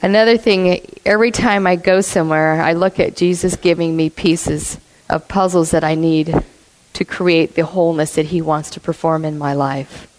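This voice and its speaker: A woman's voice: low voice, steady tone, normal speed, darkish tone, rough recording. A woman preaching a sermon to a congregation. She asks the listeners questions, laughs often and acts out the voices in her stories. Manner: acts out quoted voices in a storytelling way.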